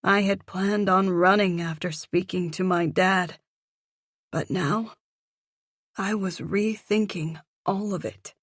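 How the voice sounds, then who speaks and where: A woman narrating an audiobook in first person, reading slowly and reflectively. Her voice is somewhat low, recorded close and dry. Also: fairly even intonation, no echo. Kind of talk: scripted narration.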